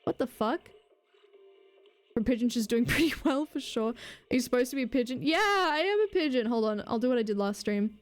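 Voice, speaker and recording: A woman's voice: a little high, expressive, fairly quick, faint music behind. A woman live streamer in casual, rambling chatter, swearing and mocking herself as she goes.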